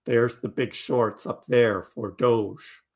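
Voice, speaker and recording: Gravelly man hosting a live crypto stream. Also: medium pitch, fairly even intonation, takes it slowly. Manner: chatty, answers chat messages out loud. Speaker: crypto livestream host. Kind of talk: casual livestream chat with viewers.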